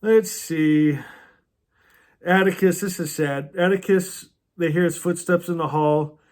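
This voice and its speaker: A man's voice: on the high side, steady tone, measured pace, a little mellow. A man hosting a book club video, chatting earnestly about a novel and reading passages aloud, laughing often.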